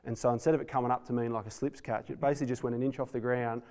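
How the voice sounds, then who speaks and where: A man's voice: mid-range voice, little pitch movement, a little mellow. A middle-aged man, a former rugby player co-hosting, telling gym stories in a casual, laughing way. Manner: quick, storytelling, laughs while telling. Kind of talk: casual chat.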